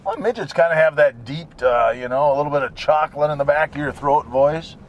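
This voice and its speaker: A man's voice: fairly high pitch, fairly quick, muffled recording, a little hiss or hum. A man delivering a rambling, crude, joking monologue with frequent chuckles and wandering asides.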